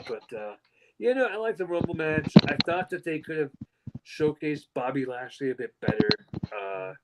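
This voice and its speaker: Animated young man telling stories. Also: on the high side, a little hiss or hum. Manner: animated storyteller, mocks with fake crying voices. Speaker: podcast co-host. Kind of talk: casual wrestling podcast chat.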